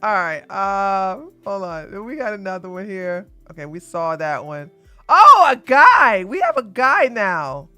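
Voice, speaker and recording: High animated woman streamer, slow taunting talk, dry close sound. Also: clean tone, soft background music. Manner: mocking, gleeful laughter. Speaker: podcast host. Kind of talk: live-stream reaction commentary.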